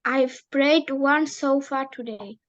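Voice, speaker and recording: A woman's voice: high voice, slow, muffled recording. A woman studying English, answering drill questions in careful full sentences. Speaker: English student.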